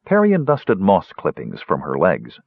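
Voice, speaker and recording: A man narrating a fantasy audiobook with expressive storytelling. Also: deep voice, unhurried, creaky, breathy edge, dry recording. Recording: dull, dry lo-fi recording.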